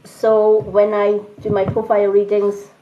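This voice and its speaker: Speaking in a monotone at an unhurried pace, a medium-pitched woman does chatty tarot readings on a live stream, thanking those watching. Her accent is Scottish mixed with other British influences, and the audio is dull and lo-fi with faint noise.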